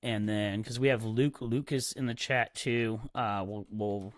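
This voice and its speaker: A young man chats through a live game stream in an upbeat, rambling way, full of fillers and asides to his viewers. His voice sits a little low. The sound is dry and close, with no room around it. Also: steady tone, a little slow, no echo. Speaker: streamer host. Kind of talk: casual live-stream chat while playing.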